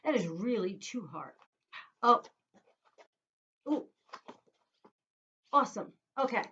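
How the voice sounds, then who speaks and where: A woman, a teacher leading young children through a phonics lesson in a sing-song, animated way, sounding out letter sounds. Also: on the high side, slow pace, long pauses, muffled recording, a little hiss or hum. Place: inside a small tent.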